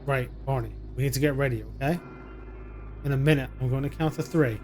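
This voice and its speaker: A man voicing a frightened young mother who talks to her little son in a hushed, soothing way, reading game dialogue aloud. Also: medium pitch, fairly even intonation, brisk, soft background music, lightly acted. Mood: urgent, tender. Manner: hushed and soothing, coaxing a child.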